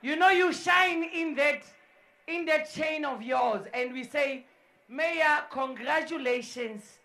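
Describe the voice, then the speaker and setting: Woman emcee, bright and forceful tone, slow deliberate delivery, loud crowd-rousing calls. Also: sits high. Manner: loud, repetitive, often shouting to the crowd. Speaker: event MC. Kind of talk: live crowd hype and welcome speeches. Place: indoor sports dome.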